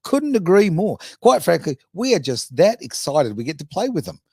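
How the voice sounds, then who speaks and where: A man's voice: high-pitched, moderate pace, creaky, slightly rough, no room sound, clean studio sound. Chatty man in his fifties. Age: 50s. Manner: chatty, animated, self-mocking, many fillers. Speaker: radio podcast host. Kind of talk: casual chat.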